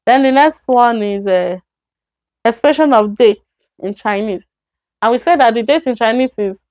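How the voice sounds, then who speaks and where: A woman with a Nigerian accent teaches a beginner Chinese lesson on a live stream, her voice sitting a little high. She explains patiently, slows down to repeat each example sentence, and now and then acts out both sides of a short exchange.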